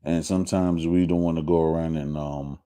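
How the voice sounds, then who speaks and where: A man hosting a casual live stream, talking in a halting way with many restarts and fillers. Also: extremely low pitch, fairly even intonation, warm tone. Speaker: show host.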